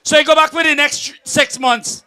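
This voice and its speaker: A man with a Vincentian accent telling jokes at an outdoor event, a lively storyteller who laughs as he goes. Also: very high voice, normal speed. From St Vincent and the Grenadines. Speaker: comedian at a political event. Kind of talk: joke telling.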